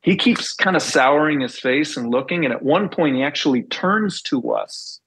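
A middle-aged man, a former band bassist, telling stories in a casual interview and acting out the dialogue he recalls. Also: moderate pace, breathy edge, rough recording. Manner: animated storyteller, acts out quoted dialogue.

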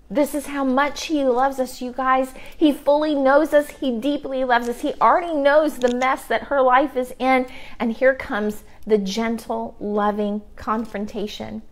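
Earnest woman giving a devotional talk. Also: on the high side. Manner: earnest, emphatic, repeats key phrases. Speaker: ministry leader. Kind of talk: livestreamed devotional teaching. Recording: livestream video.

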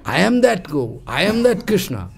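A man softly voicing a gentle divine boy. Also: high voice, sing-song, normal speed, vocal fry, full character voice. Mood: soothing.

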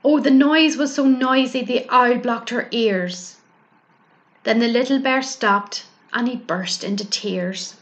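A librarian reading a rhyming picture book aloud for children. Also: female voice, on the high side, slow pace, fairly bright tone, dull audio. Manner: rhythmic rhyming delivery. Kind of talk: storybook read-aloud for children.

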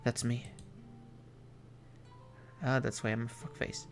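Gravelly-voiced man reading a game. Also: mid-range voice, flat delivery, soft background music. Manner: measured, reflective reading with small asides. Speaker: streamer. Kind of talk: reading game text aloud.

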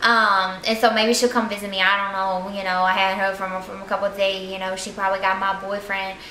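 A woman's voice: mid-range voice, flat delivery, brisk, sharp tone, close to an everyday voice. A young woman playing a chatty, scatterbrained reality-show contestant who rambles with lots of "like" and "um," in a mock confessional. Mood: flustered. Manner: rambling, full of "like" and "um". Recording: echoey room.

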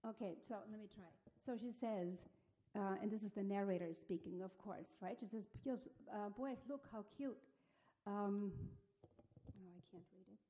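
A woman's voice: mid-range voice, steady tone, normal speed, mellow. A woman speaking at a museum symposium, giving an academic talk in a thoughtful, hesitant way with many fillers and restarts.

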